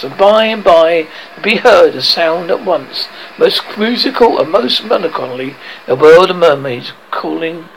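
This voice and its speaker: Gravelly man reading a storybook. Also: fairly high pitch, a bit bright, a little hiss or hum, poor audio. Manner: reads with frequent stumbles and self-corrections. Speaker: audiobook reader. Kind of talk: storybook narration.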